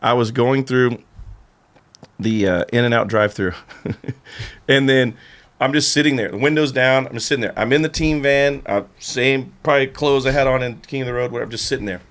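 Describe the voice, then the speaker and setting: A man's voice: mid-range voice, normal speed, a bit bright. A man as a podcast guest, telling a story in casual chat, acting out quotes and laughing often.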